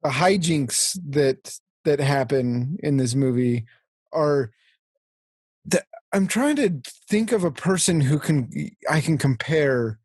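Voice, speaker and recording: A man's voice: fairly high pitch, animated, takes it slowly, darkish tone, slightly rough, dry recording, clean studio sound. A man co-hosting a casual podcast, talking enthusiastically and quoting a film. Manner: enthusiastic, says dude, quotes movie lines. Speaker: podcast co-host. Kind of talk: casual chat.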